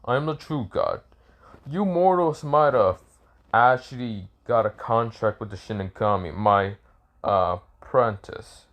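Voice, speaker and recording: Guy doing death as a huge stern god, lowish voice, bossy and solemn. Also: unhurried, dull audio, natural voice. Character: Death, towering male god, stern and commanding.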